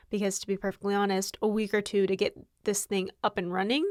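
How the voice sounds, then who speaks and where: A woman's voice: mid-range voice, little pitch movement, fast, few pauses, darkish tone, dry recording, clean studio sound. A young adult woman hosting her own podcast in casual, candid chat, tired and laughing often. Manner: candid, rambling, with frequent laughs. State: exhausted. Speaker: podcast host.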